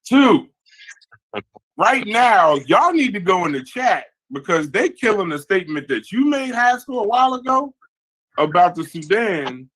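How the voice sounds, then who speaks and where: Bright-voiced man reading chat aloud. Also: high voice, unhurried, rough recording. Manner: animated, reads chat comments aloud. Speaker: podcast host reading the chat. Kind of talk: heated casual debate.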